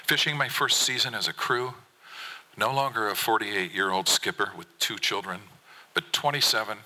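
A fisherman poet reads his own story at a live event. His voice is fairly low, with a forceful, tense edge. The delivery is intense and earnest. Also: rough recording. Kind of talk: reading a personal story aloud. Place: theater stage at a live event.

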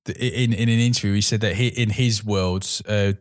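A man talks through film scenes on a casual podcast, in a voice pitched a little low. His delivery is measured and thoughtful, with the odd filler as he works out his point. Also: steady tone. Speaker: podcast co-host.

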